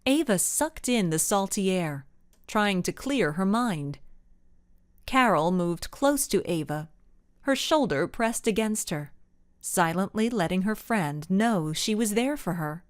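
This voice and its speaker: Expressive woman narrating a storybook. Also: mid-range voice, takes it slowly, dry recording, studio quality. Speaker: audiobook narrator. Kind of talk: scripted narration.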